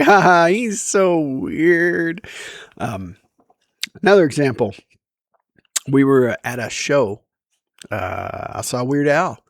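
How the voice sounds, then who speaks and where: Animated man telling stories, close and dry. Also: medium pitch, no room sound. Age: adult. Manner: animated, self-deprecating, with bursts of loud quoting. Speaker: vlogger. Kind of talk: casual storytime monologue. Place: outdoors in daylight.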